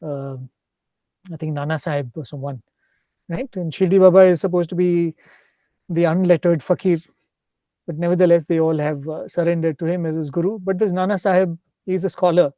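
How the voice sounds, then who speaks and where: A man giving a devotional talk, retelling stories in an unhurried, explanatory way and often checking in with a questioning "right?". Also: on the high side, steady tone, mellow, no echo, studio quality. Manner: ends points with a questioning "right?". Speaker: spiritual speaker.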